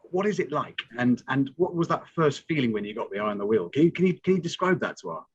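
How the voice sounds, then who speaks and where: A man moderating the panel, praising the guests and putting audience questions to them briskly. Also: medium pitch, big pitch swings, breathy edge, muffled recording.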